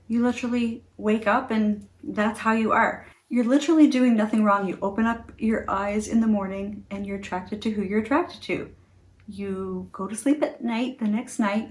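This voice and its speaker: A middle-aged woman in a casual talk to camera, chatty and earnest, laughing often. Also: medium pitch. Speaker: beauty vlogger.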